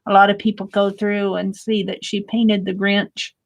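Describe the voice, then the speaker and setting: A woman art vlogger chatting and gushing while she paints, laughing often and thanking viewers warmly. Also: medium pitch, flat delivery, moderate pace, vocal fry, a little hiss or hum.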